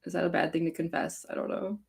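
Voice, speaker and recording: With a darkish, fairly low voice that barely moves in pitch, she talks fast with vocal fry. She is a young fanfic author from Chicago with a California-sounding accent, and she hosts a live Q&A as a casual livestream chat, rambling and giggly like a valley girl and full of likes and ums.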